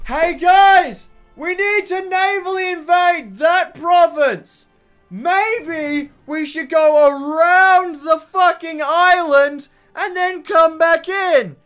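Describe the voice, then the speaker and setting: A man putting on the voice of an overexcited young male soldier, shouting with drawn-out words. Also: soft background music, full character voice. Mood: excited. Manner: shouting, high-pitched, dragging words.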